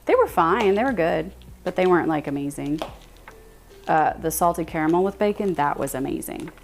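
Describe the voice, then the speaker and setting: A young American woman chatting casually with her viewers on a live stream, animated and quick to laugh. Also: lowish voice, slight background noise.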